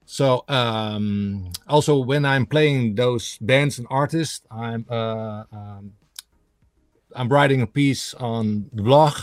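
Soft music plays behind this halting, medium-pitched man, a radio host and music blogger appearing as a guest. Answering in English, which isn't his first language, he leans on fillers while hunting for words; the recording is dry and echo-free.

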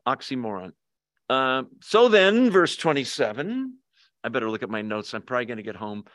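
A man's voice: medium pitch, very animated, moderate pace, a bit bright, no echo, clean studio sound. Joking man teaching a Bible study. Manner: conversational, jokey, asks the audience questions. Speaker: pastor. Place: church hall, with Zoom viewers.

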